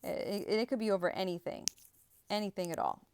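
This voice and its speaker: A young adult woman telling a personal story in a halting way, with many fillers and restarts. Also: mid-range voice, a little mellow, slight background noise. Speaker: spiritual vlogger.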